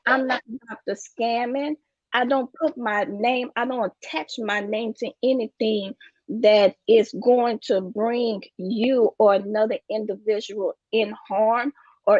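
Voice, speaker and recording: A woman's voice: on the high side, steady tone, a little slow, a little mellow, no room sound, highs cut off. A woman giving an emphatic, preachy motivational talk about finances, repeating her catchphrases. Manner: preachy, repeats "you get what I'm saying". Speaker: guest speaker on finances.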